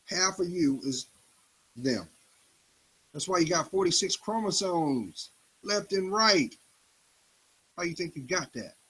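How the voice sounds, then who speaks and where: A man giving an emphatic motivational talk in a preachy style, swinging his pitch up and down for effect. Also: lively intonation, takes it slowly, long pauses, a bit bright, slightly rough, rough recording. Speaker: motivational speaker.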